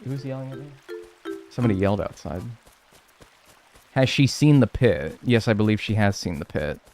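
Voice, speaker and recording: A man's voice: lowish voice, expressive, normal speed, a little mellow, faint music behind. A young man with a Pittsburgh accent, chatting casually and telling rambling jokey stories while streaming a game. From Pittsburgh area, US. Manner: rambling, jokey storytelling with silly put-on voices.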